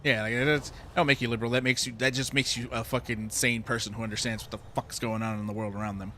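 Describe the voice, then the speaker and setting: A man's voice: mid-range voice, flat delivery, fast talker, pushed and bright, a little hiss or hum. A man streaming a game, ranting heatedly with lots of swearing. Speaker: gaming streamer. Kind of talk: ranting commentary while playing a game.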